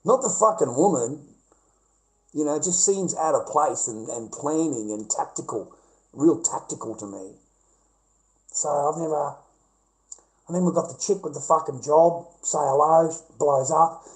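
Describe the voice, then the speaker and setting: A middle-aged Australian man speaking casually and bluntly, full of profanity. His voice sits a little above the usual male pitch. He sounds like he is ranting at viewers. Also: measured pace, poor audio.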